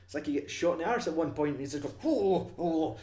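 A young man chatting casually about a film, sweary and animated. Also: on the high side, rapid-fire, a little hiss or hum. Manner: sweary, animated, acts out scenes. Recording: echoey room.

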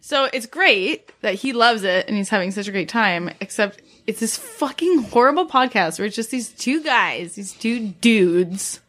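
A woman's voice: fairly high pitch, moderate pace, hardly any pauses. A woman co-hosting a casual podcast chat, ranting with lots of swearing and laughter. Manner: profane, animated ranting with laughter. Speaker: podcast co-host.

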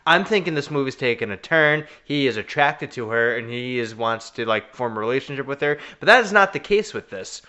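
A man's voice: medium pitch, animated, a little fast, few pauses, bright, forceful tone. A man, co-hosting a casual movie chat podcast with blunt, jokey remarks. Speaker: podcast co-host.

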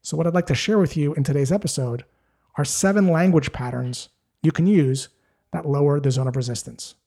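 A man's voice: a little high, a little fast, gravelly, dark tone. A man giving a scripted, direct instructional talk as a sales coach, explaining things steadily.

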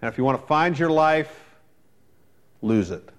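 A man's voice: a little high, lively intonation, a little slow. A man preaching a sermon as a pastor, telling a personal story in a conversational way with wry asides.

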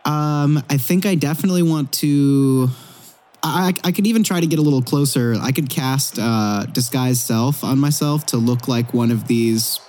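A man's voice: mid-range voice, normal speed, darkish tone. A man playing in a tabletop game, thinking aloud eagerly about his next move. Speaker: player. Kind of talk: casual tabletop play.

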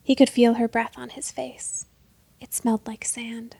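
A woman narrates a story softly and unhurriedly, often slipping into a half-whisper. Her voice is fairly high with a gravelly fry, and the recording is close and dry. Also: flat delivery, unhurried, no echo.

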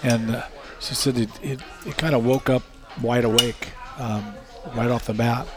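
An American man in an average pitch tells his stories easily, often laughing through them. He stumbles over restarts and fillers in a loose, conversational way. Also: steady tone, normal speed, crowd noise. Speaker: racing safety expert. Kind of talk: casual interview storytelling.

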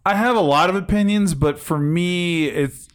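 A man in his thirties chatting casually about a movie, swearing and ranting with animated outbursts. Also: sits high, normal speed. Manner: animated, swearing, rants loudly. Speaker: podcast co-host. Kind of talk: casual chat.

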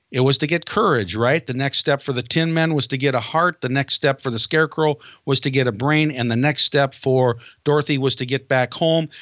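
A man who coaches salespeople retells a familiar film story step by step. He slows down to stress his points. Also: a little high, a bit bright, no room sound. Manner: dramatic retelling, slows for emphasis. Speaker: sales trainer guest.

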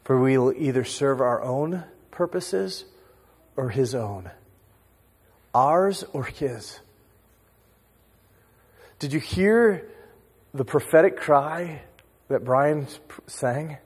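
A man leading worship in a slow, hushed, intimate prayer in a church sanctuary. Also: mid-range voice, expressive, slightly rough. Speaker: worship leader. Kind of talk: prayer over music. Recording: long reverb of a large hall.

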